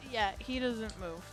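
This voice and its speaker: A woman running a tabletop game as game master, narrating playfully, laughing often, and swearing in mock outrage. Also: a little high.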